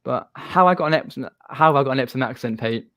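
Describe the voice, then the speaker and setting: A man's voice: medium pitch, fast, fairly bright tone, no room sound, clean studio sound. A man with a Southern English accent hosting a live stream, chatting casually with a guest and reading out viewer comments. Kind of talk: casual chat.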